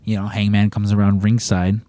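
A man hosting a podcast, rambling through a profane, animated story in casual chat, his voice a bit strained. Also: lowish voice, moderate pace, dry recording. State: strained, tired voice. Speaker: podcast host.

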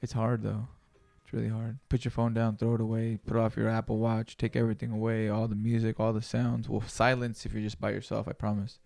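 A man's voice: lowish voice, completely flat delivery, brisk, vocal fry, hardly any pauses, a little mellow, no echo. Profane, rambling male podcaster. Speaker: podcast host. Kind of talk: casual solo podcast monologue.

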